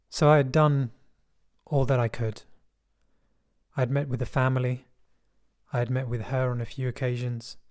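Wry, measured West London storyteller man. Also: mid-range voice, darkish tone. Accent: West London English. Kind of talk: personal storytelling.

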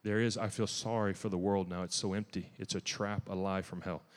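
A man preaching a testimony-style sermon in a church. He is emphatic and zealous, with restarts and sudden loud bursts. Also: sits low, fairly even intonation, a little fast, long reverb tail.

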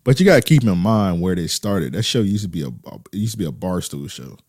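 Low-voiced man in loose slangy chat. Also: animated, a little fast, darkish tone, no echo, studio quality. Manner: loose, laid-back banter with heavy slang. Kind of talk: casual chat.

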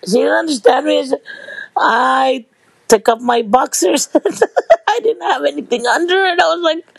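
A middle-aged woman telling stories to her viewers in a casual, lively way, laughing and swearing freely. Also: high voice, moderate pace, vocal fry, no echo. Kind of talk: casual storytelling.

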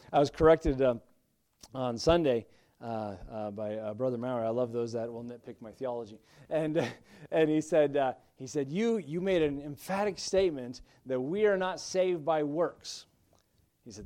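A man's voice: on the high side, darkish tone. A middle-aged male pastor preaching a sermon, emphatic at times, with frequent restarts and fillers.

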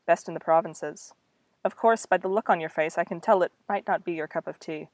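A woman's voice: on the low side, fairly quick, dry recording, close to an everyday voice. A woman voicing a sly, resourceful kitchen woman in a storybook reading. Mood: knowing. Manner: sly, knowing.

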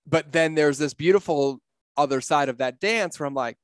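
A middle-aged man speaking as a podcast guest in a casual conversation, blunt and emphatic, with frequent swearing. His voice sits a little high for a man. The sound is dry and close, with no room around it. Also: normal speed, clear, resonant tone, no room sound. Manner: blunt, profane, emphatic storyteller.

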